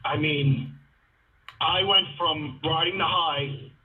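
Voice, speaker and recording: A man's voice: a little high, slow. A man calling a sports radio show from his car in rainy traffic, rambling and dejected, with many restarts. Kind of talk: phoned-in sports talk. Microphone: phone line. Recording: phone-like radio call audio.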